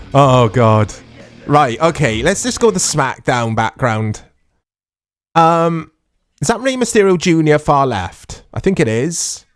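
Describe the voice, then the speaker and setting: A middle-aged man chatting casually and excitably as he comments on a retro video game he is playing, rambling and laughing often. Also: fairly high pitch, slow pace, pauses often, soft background music. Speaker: retro gaming YouTuber.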